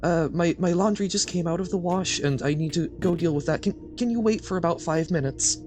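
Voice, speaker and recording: A man's voice: a little high, fairly quick, voice pushed up, natural voice. A man voicing a sweet, dithering elderly woman who fussily apologizes and stalls a caller. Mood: sweetly dithering. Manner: fussy, apologetic, drawn out.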